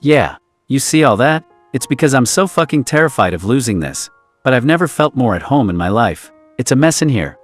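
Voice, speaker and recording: A man's voice: mid-range voice, big pitch swings, fairly quick, faint music behind. A man voicing an earnest, emotional young lover. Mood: tender. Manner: emotional, earnest, swears often.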